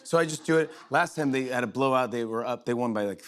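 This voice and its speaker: A middle-aged man hosting a late-night show, telling a rambling, excited story full of restarts and fillers. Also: medium pitch, fast. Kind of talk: monologue, storytelling chat. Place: TV studio with live audience.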